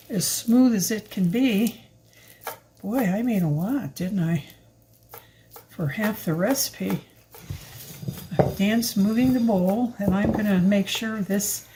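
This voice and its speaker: Older woman, warm low-key voice, slow and rambling, showing a recipe in her kitchen. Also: slight background noise, low-quality recording. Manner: chatty, rambling, with fillers and asides. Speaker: home cook filming a recipe video. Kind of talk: casual cooking demonstration. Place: home kitchen.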